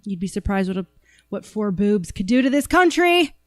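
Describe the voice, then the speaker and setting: A woman co-host chatting casually and reading out viewer comments, playful and quick to swear. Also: medium pitch, sing-song, dry recording.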